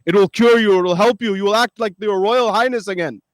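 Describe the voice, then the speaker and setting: A wise healer in a storytold sermon talks gently and reassuringly as he offers a cure, put on by a male preacher. The voice sits high for a man, and the sound is dry and close. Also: a little fast, no echo, close to an everyday voice. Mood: coaxing. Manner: coaxing, reassuring.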